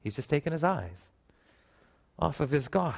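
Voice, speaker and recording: A man preaching a sermon to a congregation, animated, with emphatic rises and calls for response in a church. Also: on the high side, moderate pace, creaky. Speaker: pastor.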